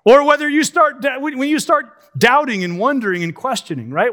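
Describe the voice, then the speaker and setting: A man preaching a sermon, posing rhetorical questions and slowing down to stress key words. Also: very high voice, sing-song, sharp tone.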